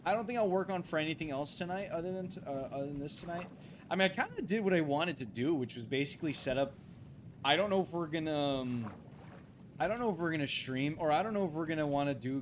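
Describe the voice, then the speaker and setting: Fairly high-pitched and quick, this man sounds animated over a slight background noise. It's a casual late-night gaming stream where he rambles with many fillers and restarts and swears and pleads when things go wrong.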